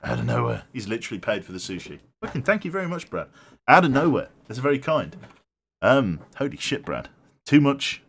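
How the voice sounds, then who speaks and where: A man's voice: medium pitch, wildly swooping pitch, brisk, a bit bright, husky. A man casually chatting through a live game stream, rambling, swearing freely and thanking his viewers as he plays.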